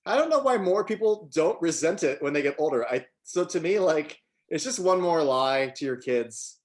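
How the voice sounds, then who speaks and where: A man's voice: fairly high pitch, lively intonation, moderate pace. A man co-hosting a casual podcast chat, arguing his point bluntly and swearing. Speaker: podcast co-host.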